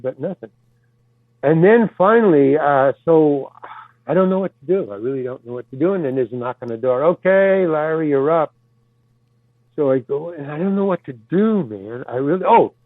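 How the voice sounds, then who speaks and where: Rambling stories come from an older man who is a guest actor, his pitch sitting on the high side. He trips over restarts and swears in passing. The audio is tinny and phone-like, with no room sound at all.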